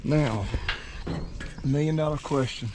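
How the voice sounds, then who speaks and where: A man's voice: a little high, slow pace. A man in his thirties or forties, a cattle farmer hosting his own vlog, talking in a folksy, chatty way with the odd dad joke while out of breath and tired from handling a cow outdoors. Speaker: cattle farmer and channel host. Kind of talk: casual farm vlog talk. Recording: faint outdoor background noise.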